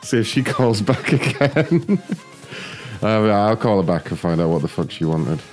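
A man's voice: fairly low pitch, big pitch swings, moderate pace, darkish tone, faint music behind. Giggly crude prank-calling man. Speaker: prank caller. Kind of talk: prank phone call, casual commentary.

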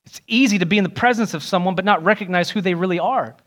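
Animated young pastor preaching a sermon. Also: male voice, fast. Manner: animated, acts out quoted voices with rising pitch. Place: church sanctuary.

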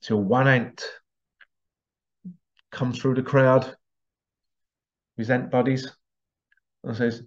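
A man hosting a show, giving a monologue with animated storytelling and rhetorical questions. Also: mid-range voice, drawn-out words, long pauses, muffled recording. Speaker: host. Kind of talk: monologue commentary.

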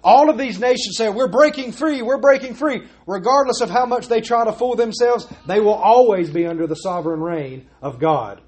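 High-voiced preacher, emphatic. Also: male voice, brisk, hardly any pauses, a little mellow. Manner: earnest, emphatic preaching with rhetorical questions. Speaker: pastor. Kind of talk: sermon.

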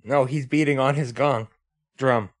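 A man's voice: mid-range voice, steady tone, unhurried, no echo, clean studio sound. A man on a casual movie podcast panel, chiming in with blunt jokes. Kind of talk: casual movie-review chat.

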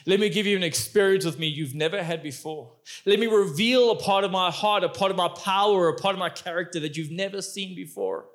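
A man doing a soft, tender Jesus. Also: on the high side, voice pushed down, natural voice. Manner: soft, gentle, measured. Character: calm, tender male divine speaker.

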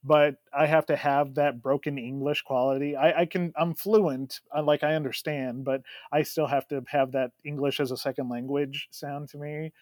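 A young man co-hosting a podcast, telling stories in an animated, laughing way. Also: a little high, normal speed, few pauses, dry recording, clean studio sound. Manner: animated, storytelling with frequent laughs. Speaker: podcast co-host. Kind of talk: casual chat.

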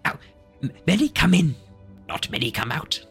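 A man voicing a dim, cryptic jungle monkey with a slow, ominous delivery. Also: fairly high pitch, huge pitch swings, a bit bright, faint music behind, voice pushed up.

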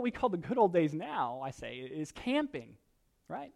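A male pastor delivering a sermon in a fairly high voice. He swings between quiet explanation and loud, slowed-down readings of scripture, with casual jokes thrown in. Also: gravelly. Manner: animated, rises loud when reading scripture, jokes asides.

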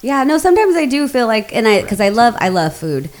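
A woman in loose podcast conversation with a slightly high voice. She laughs easily, swears freely and strings her thoughts together with fillers. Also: big pitch swings, brisk. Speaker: podcast host. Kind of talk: casual chat.

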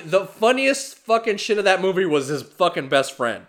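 Bright-voiced, foul-mouthed man on a podcast. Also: high voice, moderate pace. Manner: profane, animated storyteller. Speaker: podcast co-host. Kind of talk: casual podcast chat.

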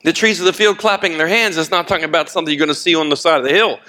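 An older man preaching a sermon, swinging from loud and impassioned to low and hushed, with folksy asides and laughter. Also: steady tone, racing. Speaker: pastor.

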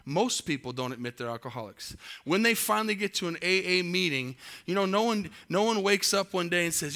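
A man's voice: high voice, expressive, fairly quick, hardly any pauses, bright, forceful tone. A middle-aged male pastor preaching a sermon, asking the congregation rhetorical questions and building in intensity.

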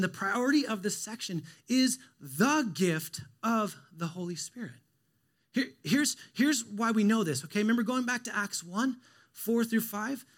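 A man with a fairly high voice preaches a sermon. He talks in a relaxed, conversational way and often restarts his sentences, and his delivery turns animated as he explains the passage. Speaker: pastor.

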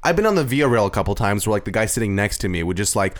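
A man hosting a casual chat, lively and laughing often, swearing freely as he tells stories. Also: lowish voice, very fast. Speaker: podcast host.

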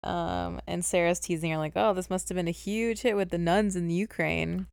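Giggly low-voiced woman chatting. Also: moderate pace, gravelly, clean tone, dry recording. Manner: giggly, chatty, laughs often. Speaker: podcast co-host. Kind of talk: casual chat recapping a TV episode.

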